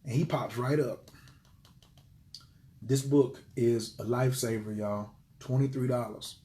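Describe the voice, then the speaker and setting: A man talking casually on a livestream to his viewers, animated and preachy, swearing freely and swinging between loud outbursts and quiet murmurs. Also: mid-range voice, unhurried. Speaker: livestream host. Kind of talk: casual live-stream talk to viewers.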